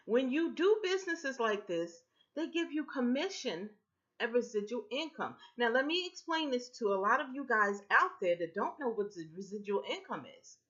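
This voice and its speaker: Emphatic woman pitching on a webcam. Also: fairly bright tone. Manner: emphatic and repetitive, speaks straight to viewers. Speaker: vlogger pitching a home business. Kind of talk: casual persuasive talk to camera. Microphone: built-in webcam mic. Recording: dull lo-fi webcam audio.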